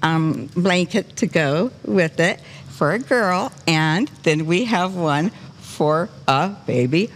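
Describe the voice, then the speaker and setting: Animated older woman hosting a faith show. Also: lowish voice, takes it slowly, a little hiss or hum. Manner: animated, gushing storyteller; earnest preaching cadence. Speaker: talk show host. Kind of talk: faith talk show fundraising appeal.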